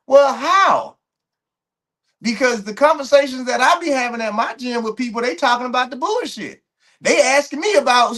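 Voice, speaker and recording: A man's voice: very high-pitched, animated, moderate pace, a bit bright. A man hosting a track and field commentary show, ranting bluntly to his viewers and repeating words as he restarts his points.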